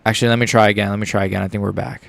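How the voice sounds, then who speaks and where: A man's voice: lowish voice, little pitch movement, racing, vocal fry, no echo. A young man hosting a casual live reaction stream, rambling and stumbling over his words as he chats. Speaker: livestream host.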